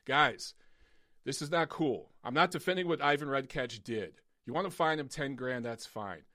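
Male live-stream boxing host, forceful and blunt, voice wearing thin, recorded in a padded home studio. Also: medium pitch, no room sound. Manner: blunt, emphatic, profane ranting. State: losing his voice.

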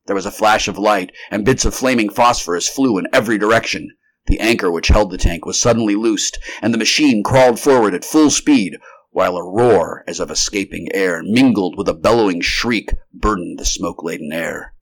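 A man giving an unrehearsed, steady, measured reading of a vintage science fiction story. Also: fairly low pitch. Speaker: narrator.

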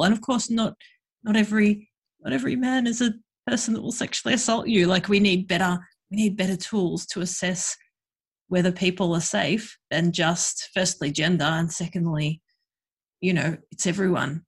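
A woman speaks frankly in a casual podcast chat. She has a husky, slightly breathy voice and a loose, chatty delivery full of fillers. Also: on the low side, fairly even intonation, moderate pace. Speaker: guest, sex worker and educator.

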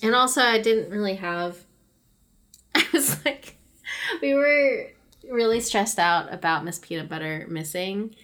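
Bright-voiced giggly woman chatting. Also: medium pitch, unhurried. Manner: giggly, rambling storyteller. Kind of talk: casual chat.

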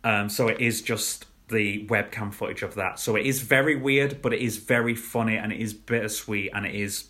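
A man's voice: on the low side, fairly even intonation, moderate pace, few pauses, sharp tone. A young man co-hosting a podcast, chatting casually and rambling about shows, laughing at his own jokes. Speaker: podcast co-host. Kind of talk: casual chat reviewing shows.

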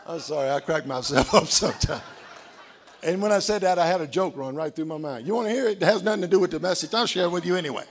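A man preaching a sermon in a church, going from shouted, sung exhortation to relaxed, joking asides. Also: fairly high pitch, fast talker, a little hiss or hum. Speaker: pastor. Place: church sanctuary.

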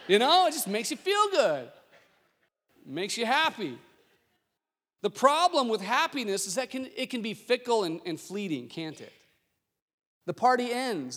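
A male pastor preaching a sermon, telling stories and asking the congregation questions with rising excitement. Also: extremely high pitch, normal speed, long pauses. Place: church sanctuary. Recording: long hall reverb.

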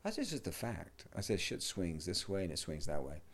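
A middle-aged man, a yoga teacher, talking in a rambling, casual way, swearing and dropping to low mutters. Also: lively intonation, a little fast. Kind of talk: casual podcast conversation.

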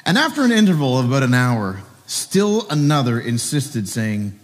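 A man's voice: mid-range voice, wildly swooping pitch, moderate pace, hardly any pauses, in a large hall. A pastor preaching a sermon at a church service, earnestly asking his listeners direct questions.

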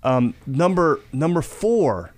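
A man's voice: on the high side, sing-song, slow, a little mellow. A man hosting a Christian talk show, chatting in a folksy way and adding short prayers. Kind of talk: casual interview chat.

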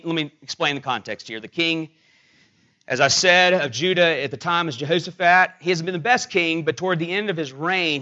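Halting, bright-voiced male preacher. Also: fairly high pitch, muffled recording. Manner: halting, anecdotal, many fillers and restarts. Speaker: pastor. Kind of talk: sermon with personal story.

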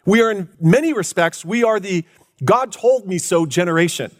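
A man preaching a sermon as pastor, emphatic, stretching key words out for effect. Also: expressive. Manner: emphatic, drawn-out preaching with big pitch swings.

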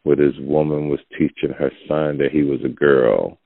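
A male podcast host delivers a blunt, preachy opinion monologue in casual talk, his voice gravelly and low. He speaks at normal speed with fairly even intonation, and the recording is dry, dull lo-fi audio.

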